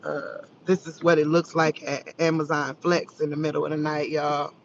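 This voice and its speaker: A woman's voice: deep voice, little pitch movement, moderate pace, lo-fi sound, a little hiss or hum. Tearful woman preaching into her phone. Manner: tearful, fervent preaching, laughing through tears. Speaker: vlogger going live. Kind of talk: emotional live-stream testimony.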